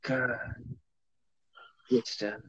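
A man's voice: very slow, sharp tone, no echo, lo-fi sound. A man in his thirties hosting a podcast in a casual chat, swearing freely and laughing often. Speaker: podcast host.

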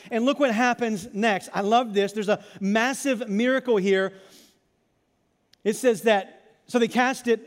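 A man with a high, light voice delivers a sermon, retelling a story with lively acted-out lines and playful repetition. His voice rings with a long reverb, as if heard in a large hall. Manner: animated storytelling, acts out biblical dialogue with repeated phrases. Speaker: pastor.

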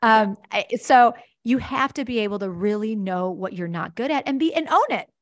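Middle-aged woman founder, enthusiastic interview guest, slightly high voice, dry close sound. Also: expressive, moderate pace, hardly any pauses, no room sound. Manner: enthusiastic, acts out quoted voices, laughs easily. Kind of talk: animated conversational interview answer.

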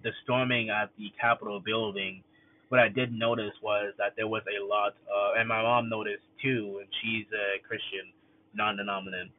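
A young man talking in a casual, rambling monologue, full of fillers and restarts. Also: fairly low pitch. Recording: tinny phone-like audio, faint noise.

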